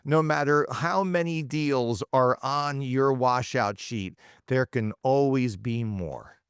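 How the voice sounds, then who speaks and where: A man playing his former general manager, a gruff older dealership boss who makes blunt, teasing demands. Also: medium pitch, takes it slowly, no room sound, studio quality.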